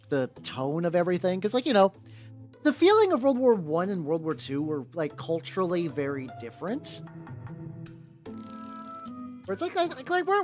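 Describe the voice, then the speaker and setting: A man chatting casually with his viewers on a livestream, talking in halting, rambling runs full of restarts and fillers. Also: high voice. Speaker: streamer painting miniatures. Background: faint background music.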